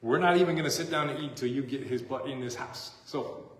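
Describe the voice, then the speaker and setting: A man's voice: mid-range voice, brisk. A man preaching a sermon as a pastor, in a casual, joking, conversational way, recorded in a church sanctuary. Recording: echoey church hall.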